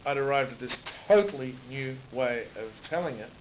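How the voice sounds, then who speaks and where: An Australian author in his sixties talks briskly in a medium-pitched voice about his writing during a conversational interview, often restarting and repeating words. The recording is muffled, phone-like and noisy.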